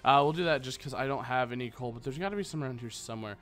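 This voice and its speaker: A man's voice: medium pitch, rapid-fire, a bit bright. A young man giving casual let's play commentary, rambling and joking with his viewers. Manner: goofy, rambling, jokey asides to viewers. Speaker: gaming channel host. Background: faint background music.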